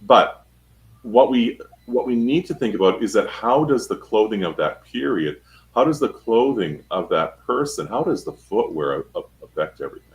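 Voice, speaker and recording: A man's voice: fairly low pitch, expressive, normal speed, rough recording. A man speaking as a studio guest on a talk show, explaining speech emphatically with spoken examples. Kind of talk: instructive studio chat.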